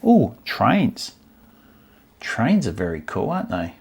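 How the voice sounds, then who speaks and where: A man's voice: on the low side, wildly swooping pitch, slow pace, vocal fry, breathy edge. A man hosting a stamp collecting channel, chatting casually and musing aloud as he pages through an old album, easily delighted by what he finds. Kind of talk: casual chat while browsing an album.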